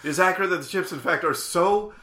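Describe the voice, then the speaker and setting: A man improvising in a tabletop role-play game, exasperated and yelling in bursts. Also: high-pitched, fast, reverberant. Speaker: player.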